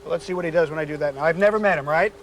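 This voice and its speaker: With slight background noise behind him, a man races through an explanation of a temperament test for a couple at an on-location dog training demo. The trainer is casual and talkative, switching to a high, sing-song tone to coax the dog.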